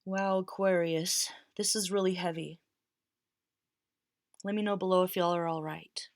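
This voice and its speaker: Her voice is lowish and steady, moving at a measured pace in a dry recording. Nearly crying, this tarot reader speaks earnestly and with deep emotion, repeating phrases to drive her points home.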